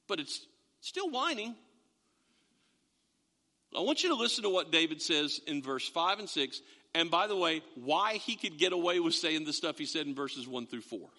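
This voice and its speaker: A man preaching a sermon in a church, in a conversational, animated storytelling way. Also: fairly high pitch. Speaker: pastor. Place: church sanctuary. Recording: long reverb of a large hall.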